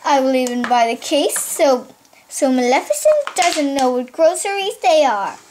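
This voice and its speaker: Brief: woman playing a high, sing-song schemer doll, gleeful and sneaky, noisy home recording. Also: lively intonation, unhurried. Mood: scheming. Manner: gleeful, scheming, whispers to hide. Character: scheming female villain doll, sneaky and greedy. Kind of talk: toy play voice acting.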